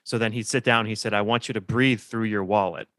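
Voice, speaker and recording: Casting note: a relaxed male co-host with a lower voice, dry close sound, chatting with a guest. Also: fairly quick, dry recording. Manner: relaxed, conversational, asks questions and tells anecdotes. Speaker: podcast co-host. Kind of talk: casual podcast conversation.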